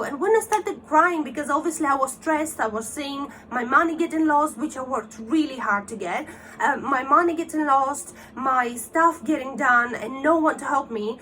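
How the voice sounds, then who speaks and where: A woman's voice: high-pitched, moderate pace, pushed and bright, a little hiss or hum. A woman vlogger telling a personal story to camera, agitated as she retells a scam phone call and quotes both sides.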